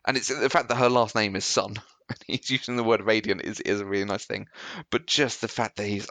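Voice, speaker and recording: A podcast co-host in casual chat, speaking earnestly with soft laughs. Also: medium pitch, fairly even intonation, a little fast, hardly any pauses, dry recording.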